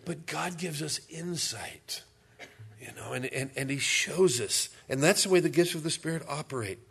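A pastor giving a sermon in a conversational, humorous storytelling manner. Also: male voice, a little high, animated, normal speed, vocal fry, a bit bright, a little hiss or hum.

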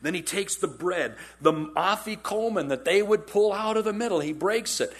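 A male pastor delivers a sermon with a husky, slightly breathy voice that sits a bit high for a man. He talks conversationally, circling back and repeating phrases to drive a point home. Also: normal speed. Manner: animated storytelling, acts out quotes in character.

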